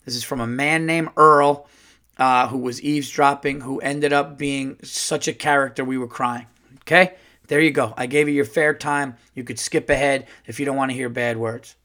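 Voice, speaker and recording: A man's voice: medium pitch, moderate pace. A male comedian hosting a podcast and telling a long story casually, with lots of fillers and asides. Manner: animated, rambling, full of fillers.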